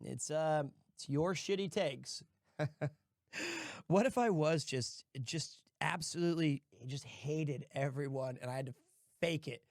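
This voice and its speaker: A young man hosts a live stream in casual, swearing banter. His voice sits high for a man. The sound is dry and close, with no room around it. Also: unhurried, a little mellow, dry recording. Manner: profane, joking banter with laughs. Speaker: streamer host.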